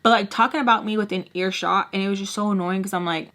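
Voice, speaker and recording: Young woman, storytime vlogger; rambling, animated, casual, mid pitch. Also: quick pace. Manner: rambling, heavy use of "like" and "y'all"; animated, dramatic retelling.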